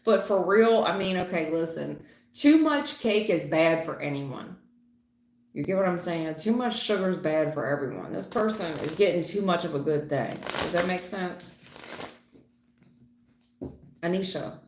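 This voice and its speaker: A middle-aged woman doing a live tarot reading, blunt and slangy, teasing and animated as she talks to viewers. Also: fairly low pitch, unhurried, roomy sound, a little hiss or hum. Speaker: tarot reader.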